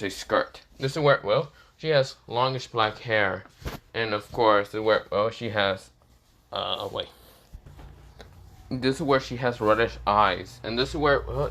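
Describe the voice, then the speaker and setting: In a lowish voice that sounds pushed and bright, a man narrates an improvised fan story. His delivery rambles casually, full of fillers and profanity, and there's a little hiss or hum.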